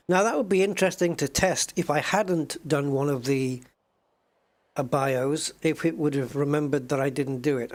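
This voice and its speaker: Man live-streaming a game, slow unhurried delivery, slightly high voice, casual and chatty, thinking out loud. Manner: thinks aloud, hums to himself while waiting; chatty, addresses viewers as guys. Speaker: streamer playing a space game. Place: home desk with joystick.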